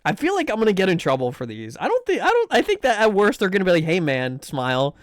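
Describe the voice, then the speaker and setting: A male streamer talks very fast through a live game session, joking, rambling, swearing freely and reacting loudly to his viewers' chat. His voice sits a little high and swings lively in pitch. The sound is close and dry, with little room echo.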